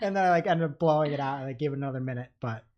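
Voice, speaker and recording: A man co-hosts a podcast and tells a long personal story in a casual, animated way. He rambles and fills gaps with "like" as he goes. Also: medium pitch, racing, lo-fi sound. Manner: animated, rambling, many fillers. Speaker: podcast co-host.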